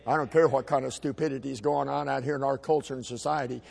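A middle-aged man preaching a sermon as a pastor, folksy and emphatic, with shouted peaks. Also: mid-range voice, steady tone, fast, creaky, long reverb tail. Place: church sanctuary.

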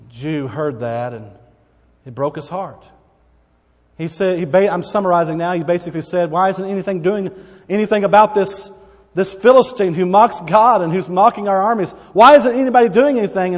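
A man's voice: high-pitched, long reverb tail. A man preaching a sermon, reading Bible verses dramatically and adding asides to the congregation. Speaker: pastor.

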